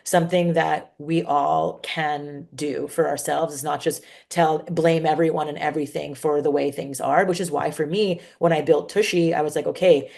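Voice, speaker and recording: A woman entrepreneur speaks in a casual interview, candid and animated. Her voice sits low with a gravelly fry, and she keeps reaching for "like" and "you know" as she talks. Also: normal speed, hardly any pauses. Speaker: entrepreneur guest.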